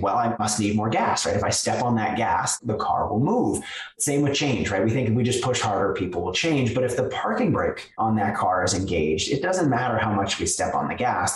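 A man being interviewed, explaining ideas and telling stories in a lively, conversational way. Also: fairly low pitch. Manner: animated, lively storyteller who acts out quotes. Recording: roomy sound, somewhat far from the mic.

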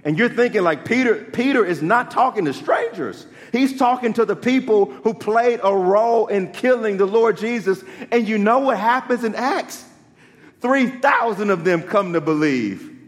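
A man's voice: sits high, expressive, normal speed, in a large hall. A male pastor preaching a sermon, building to urgent rhetorical questions.

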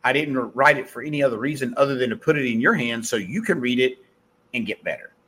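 Podcast host, man, middle-aged, faint Southern US accent, blunt and profane pep-talk delivery, bouncing, lively pitch. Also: fast, a little hiss or hum. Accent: Southern US, softened. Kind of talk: casual motivational monologue.

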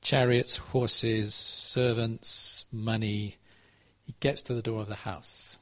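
A man's voice: lowish voice, level tone, takes it slowly, sharp tone. Chatty man preaching. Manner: conversational, asks the audience questions. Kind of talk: sermon.

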